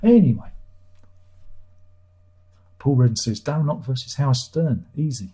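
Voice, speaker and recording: Middle-aged male streamer, husky and irreverent, chatty comment-reading host. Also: mid-range voice, expressive, normal speed, dark tone. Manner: irreverent, joking, swears freely. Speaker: livestream host. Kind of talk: casual livestream chat reading viewer comments.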